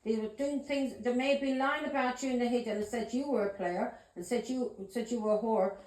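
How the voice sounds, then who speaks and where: A woman's voice: a little high, fairly quick, darkish tone. Insistent woman reading tarot, echoey room. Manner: insistent, repetitive, accusing. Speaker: tarot reader.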